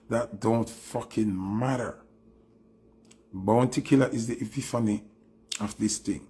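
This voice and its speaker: A Jamaican man delivers a provocative commentary monologue in a slow, unhurried cadence. His voice is gravelly and husky, and he slips easily between patois and English while goading his target. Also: fairly low pitch. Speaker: dancehall commentator.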